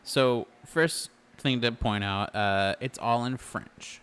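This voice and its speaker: Bright-voiced laid-back podcast man. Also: mid-range voice, takes it slowly, clear, resonant tone. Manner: laid-back, agreeable, swears casually. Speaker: podcast co-host. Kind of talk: casual chat, movie review.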